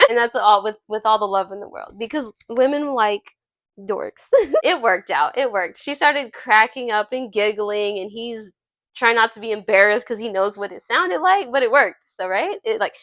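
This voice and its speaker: A young adult woman reviewing a film in casual chat, animated and chatty, often laughing as she retells scenes. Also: on the high side, moderate pace, no room sound. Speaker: movie reviewer.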